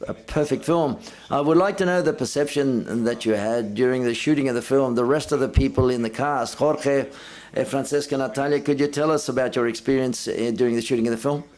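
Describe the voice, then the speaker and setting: A man's voice: mid-range voice, brisk, darkish tone. Man interpreting at a press conference. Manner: relays speakers in the first person, raising his voice for quoted lines. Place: film festival press conference room.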